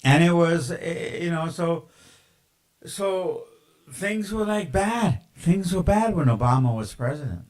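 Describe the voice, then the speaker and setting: A man's voice: a little high, animated, slow pace, low-quality recording. A man ranting in a casual, rambling monologue, with lots of profanity, fillers and tangents.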